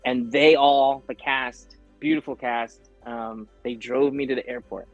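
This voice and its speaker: A man's voice: mid-range voice, a little slow, lo-fi sound, soft background music. A man, an actor guest, telling a story in a casual interview, acting out other people's lines with lots of fillers. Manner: animated, acts out quoted voices, frequent fillers.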